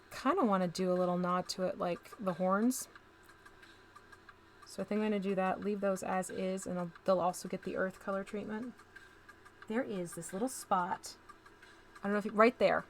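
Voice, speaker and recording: A woman's voice: medium pitch, fairly bright tone, a little hiss or hum. A woman hosting a casual live stream, chatting to viewers as she paints miniatures and talks through each step.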